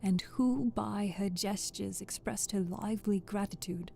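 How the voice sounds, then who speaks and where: A woman giving a soft-spoken ASMR reading of a classic novel, steady and careful, going back to reread phrases. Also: mid-range voice, a little slow, gravelly, few pauses, faint music behind. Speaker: audiobook reader.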